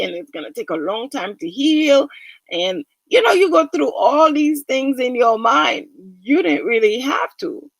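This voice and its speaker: Slow-talking woman giving a motivational talk. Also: mid-range voice, dry recording, rough recording. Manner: unhurried, conversational, many fillers. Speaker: wellness speaker.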